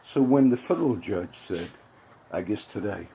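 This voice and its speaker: Man, low voice, mellow tone, rambling talk, faint background noise. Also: animated, normal speed, creaky, poor audio. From grew up around Puerto Rican and Cuban friends. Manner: rambling, with many restarts and asides. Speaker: commentator. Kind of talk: casual spoken commentary.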